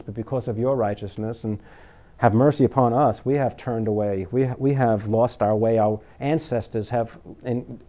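With a mellow, medium-pitched voice, a man preaches an informal sermon to his congregation. He keeps it conversational and full of rhetorical questions, at times laughing at his own jokes.

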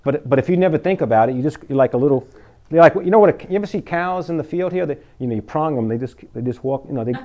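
A man's voice: on the high side, expressive, quick pace, darkish tone, lo-fi sound. A man preaching an informal sermon to his congregation, conversational and full of rhetorical questions, at times laughing at his own jokes.

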